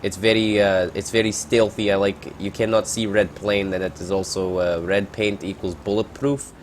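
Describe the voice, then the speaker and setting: A man's voice: fairly low pitch, fairly even intonation, moderate pace, slight background noise, close to an everyday voice. A man playing a boastful pilot proud of his red plane, in a mock Russian accent with goofy broken grammar. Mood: bragging.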